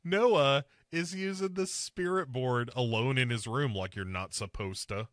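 A man's voice: medium pitch, unhurried, a bit bright, dry recording, clean studio sound. A man hosting a podcast, recapping a film scene by scene in casual chat and slipping into mocking voices for the characters. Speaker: podcast host.

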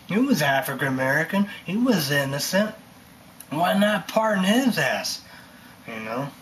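A man's voice: on the high side, a bit bright, a little hiss or hum. A man talking in a casual, rambling monologue, repeating himself and leaning on fillers. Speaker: vlogger ranting on camera.

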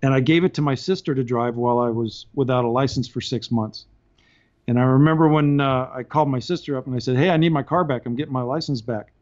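A man's voice: mid-range voice, fast, a little mellow, highs cut off. A man, a podcast guest, telling casual stories and laughing through his anecdotes. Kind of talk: casual storytelling.

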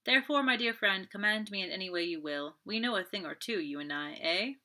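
A woman's voice: mid-range voice, brisk, bright, forceful tone, natural voice. A woman reading a pompous French magistrate. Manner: pompous, sighing, chatty. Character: fussy self-satisfied older French magistrate, man.

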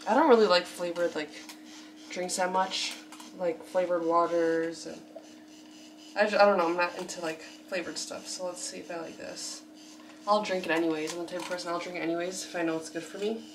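A young woman vlogging in a casual chat, chatty and full of fillers, her voice going a bit hoarse. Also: lowish voice, steady tone, fairly quick. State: losing her voice. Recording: noisy, mic held at a distance.

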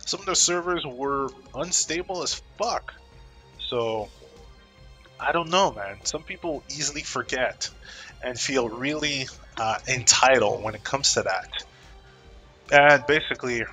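A man's voice: mid-range voice, pushed and bright, husky. A man vlogging about games in a casual, profane, joking rant. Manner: profane, laid-back, joking. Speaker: gaming vlogger.

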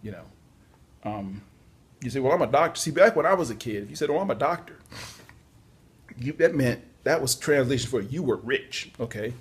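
A man's voice: mid-range voice, animated, moderate pace, long pauses, husky. A tired man giving casual, chatty job-search advice, yawning at times and adding apologetic asides. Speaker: podcast host on job search. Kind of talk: casual spoken advice talk.

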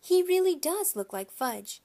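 A gentle, amused mother speaks in a lilting way, as a woman reading aloud plays her. She sounds light and easy. A children's storybook reading. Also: extremely high pitch, very animated, measured pace, voice pushed up, full character voice.

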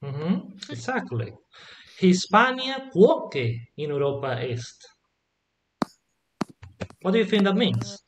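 A man's voice: sits high, big pitch swings, slow, pauses often, a little hiss or hum. A man teaching Latin to a small group, patiently asking questions and checking that they follow. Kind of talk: online group lesson.

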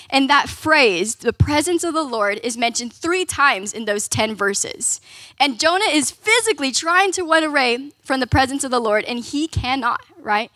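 A young woman preaches to a youth group in a loose, conversational style. Her voice sits high, and she keeps tossing in "like" and "right?". The sound is dry and close, with no room echo. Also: normal speed, fairly bright tone. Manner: casual, conversational, many "like"s and "right?". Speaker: youth ministry speaker. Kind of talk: youth sermon.

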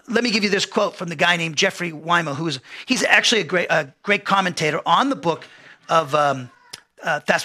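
A man's voice: on the high side, gravelly, bright, forceful tone, slightly rough. A middle-aged man teaching an expository Bible lesson in a conversational way, often restarting phrases and reading quotes aloud.

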